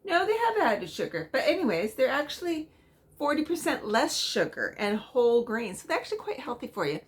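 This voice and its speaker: A woman's voice: fairly high pitch, sing-song, brisk. A middle-aged woman chatting casually at home as a cross-stitch vlogger, rambling with frequent ums and small laughs. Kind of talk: casual chatty show-and-tell.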